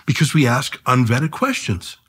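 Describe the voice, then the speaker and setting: Male journalist guest, husky and lively, punchy talk in numbered points. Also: medium pitch, moderate pace. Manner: punchy storyteller, builds points as numbered lists. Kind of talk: casual conversational podcast talk.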